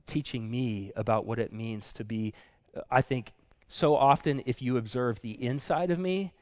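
Man, pastor, conversational sermon, chatty, frequent fillers and restarts, medium pitch. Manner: casual, chatty, full of fillers and self-corrections; acts out quoted voices with big jumps in pitch.

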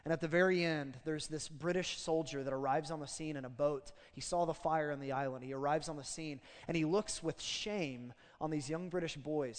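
A man preaching a casual, animated sermon as pastor of a church. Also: fairly high pitch, moderate pace, hardly any pauses, long reverb tail. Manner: conversational, animated storytelling.

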